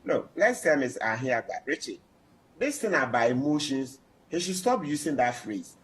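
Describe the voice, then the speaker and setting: A man's voice: mid-range voice, big pitch swings, normal speed, husky, rough recording. A man, a panel guest who lectures insistently and talks over others in a heated debate.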